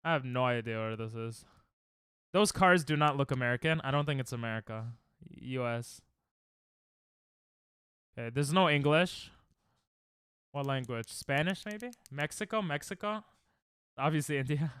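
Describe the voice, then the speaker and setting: A young man streaming a game, chatting casually and reacting excitably to chat on a headset mic. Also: medium pitch, moderate pace, long pauses, clear, resonant tone, dry recording, clean studio sound. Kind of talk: casual live-stream chatter while gaming.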